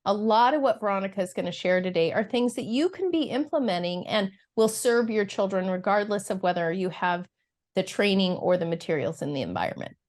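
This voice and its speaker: A woman's voice: medium pitch, expressive, fairly quick. Lady podcast host, mid voice, chatty, lots of mm-hmms. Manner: warm, affirming, frequent listening sounds. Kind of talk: conversational podcast interview.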